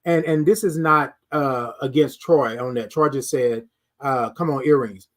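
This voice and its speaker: A man's voice: mid-range voice, a little slow. A middle-aged man hosting a morning live stream, preaching self-worth in a repetitive, sermon-like way and greeting viewers in the chat. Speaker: host of a morning live show. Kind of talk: motivational live-stream talk.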